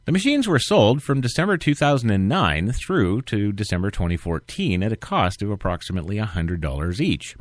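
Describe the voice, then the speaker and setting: A man's voice: fairly low pitch, very animated, brisk, few pauses, no room sound, studio quality. A man hosting an internet talk radio show, reading news stories and riffing on them in a sarcastic, rambling way.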